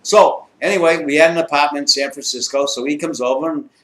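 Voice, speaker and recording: A man's voice: fairly high pitch, fast talker, fairly bright tone. A man in his sixties telling a rambling, profane anecdote in a casual, gleeful way. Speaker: storyteller. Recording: echoey room.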